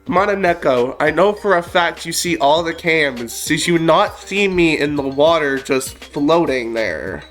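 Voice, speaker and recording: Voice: medium pitch, animated, unhurried, hardly any pauses, fairly bright tone, faint music behind. A let's-play host who reads a visual novel aloud, breaking off into sarcastic, joking asides.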